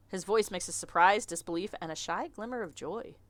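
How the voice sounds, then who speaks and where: A woman streamer reading a visual novel aloud in an animated, chatty way, often laughing. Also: medium pitch, normal speed, few pauses, no room sound.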